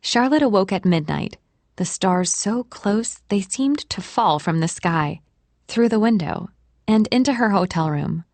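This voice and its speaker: Gentle female audiobook narrator, mid-pitched, dry studio sound. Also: animated, a little slow, no echo. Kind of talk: scripted narration.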